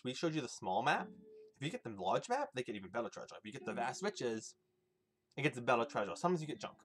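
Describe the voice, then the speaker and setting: Over game music, a man with a medium-pitched, fairly bright voice chats casually with his stream's viewers as he plays, rambling and swearing as he goes.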